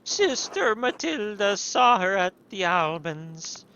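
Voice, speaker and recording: A gentle nun with a high, drawn-out, sing-song voice and a kindly manner, as a male streamer puts her on. The voice has a bright, forceful timbre over a faint hiss. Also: very animated, dull audio, exaggerated voice. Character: gentle nun who gathers herbs, a woman, kindly.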